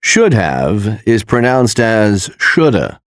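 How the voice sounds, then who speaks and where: A man announcing textbook audio tracks and pronunciation notes in a slow, deliberate, instructional manner. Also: lowish voice, big pitch swings, no echo, studio quality.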